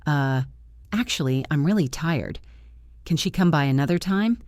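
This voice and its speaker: A woman voicing an evasive, cheating middle-aged husband who talks smoothly. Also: low-pitched, lively intonation, normal speed, a little mellow, no echo, clean studio sound.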